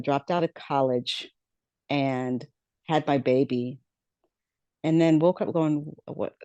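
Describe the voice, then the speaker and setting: A woman's voice: very deep voice, warm tone, no echo, highs cut off. A middle-aged woman, a podcast guest, telling her life story in a conversational way with many fillers and acted-out quotes.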